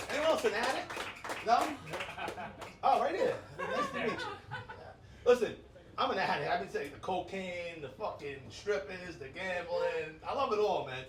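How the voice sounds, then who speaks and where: A man's voice: sits high, sing-song, normal speed, creaky, a loud crowd. A man, doing a brash, crude stand-up set on a club stage and laughing at his own jokes. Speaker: stand-up comedian. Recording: echoey club sound from a distance.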